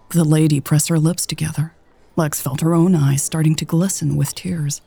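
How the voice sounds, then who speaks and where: A woman narrating a romance story in a calm, even audiobook style. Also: low voice, gravelly, husky.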